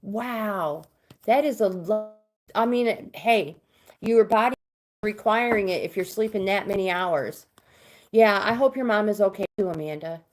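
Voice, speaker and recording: A woman's voice: medium pitch, a little slow. Chatty middle-aged woman hosting a livestream. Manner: chatty, reads viewer comments aloud. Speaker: livestream host reading cards for viewers. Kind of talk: casual live chat.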